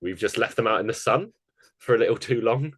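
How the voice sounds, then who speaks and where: Male podcast co-host, lowish voice, dry close sound, chatty list-reader. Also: animated, no echo. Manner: chatty, running through award picks in quick lists. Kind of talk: casual chat.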